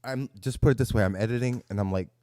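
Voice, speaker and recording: A man's voice: medium pitch, fast, dark tone, no room sound. A man co-hosting a podcast, joking crudely and laughing often in casual banter. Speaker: podcast co-host.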